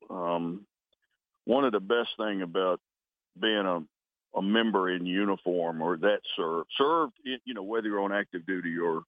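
A retired U.S. Coast Guard vice admiral in his sixties, deep-voiced, answers interview questions by phone as a guest. The tinny line carries no room sound, and his earnest, halting replies restart often and each end with "over."

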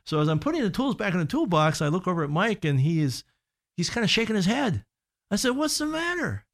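On a radio talk show, a middle-aged man appearing as a guest consultant shares workplace stories casually. He's earnest but halting, with many restarts and fillers, and his voice is high-pitched and sing-song.

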